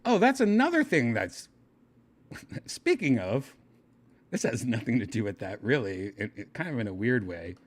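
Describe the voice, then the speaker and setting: Animated man telling a crude story. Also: measured pace. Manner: animated, jumps up in pitch for quoted voices, crude jokes, laughs often. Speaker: podcast host. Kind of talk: casual solo storytelling.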